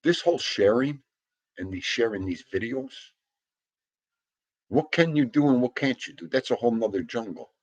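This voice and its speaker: Home streamer, male, husky lively voice, loose rambling chat, dull lo-fi audio. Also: medium pitch, normal speed, long pauses. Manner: rambling, talks to his dog and to viewers in the comments. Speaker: host of a dog live stream. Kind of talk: casual live-stream chat.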